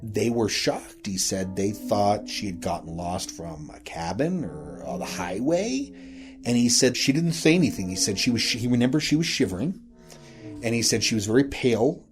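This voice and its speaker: A man with a fairly low voice recounts an eerie local tale in a loose, conversational way. He rambles and keeps circling back with "he said" and "you know" as he pieces the story together. Soft music sits faintly underneath. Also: lively intonation, moderate pace. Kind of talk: casual spoken storytelling.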